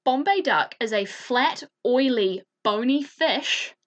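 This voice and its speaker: Giggly, animated woman podcast host. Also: a little high, slow pace. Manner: giggly, animated, swears freely. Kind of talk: casual chat.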